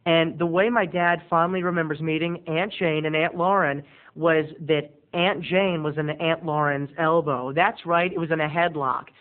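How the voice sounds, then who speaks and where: A camp, excitable man rambling through a funny family story to his webcam. His voice sits on the high side for a man and comes through thin and boxy, like a phone line. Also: normal speed. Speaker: video blogger. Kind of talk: comic storytelling to camera.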